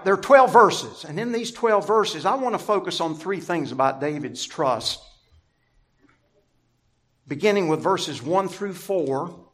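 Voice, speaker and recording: A man preaching a sermon as pastor, deliberate and emphatic, stressing key words through repetition. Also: high voice, fairly bright tone.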